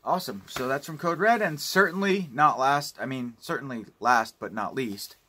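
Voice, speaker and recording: A man's voice: mid-range voice, normal speed, bright, forceful tone, slightly rough. Guy vlogging about his disc haul, rambly, swears a lot, gets ranty. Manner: rambling, profane, ranting. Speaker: home video collector vlogger. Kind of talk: casual unboxing review.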